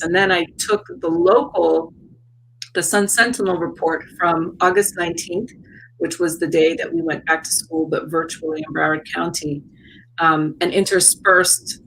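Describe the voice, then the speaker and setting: A woman who is an artist and educator, talking as an interview guest in a reflective, searching way with many pauses and repeats. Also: fairly low pitch, vocal fry, a bit bright, a little hiss or hum, poor audio. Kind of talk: casual interview talk. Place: South Florida.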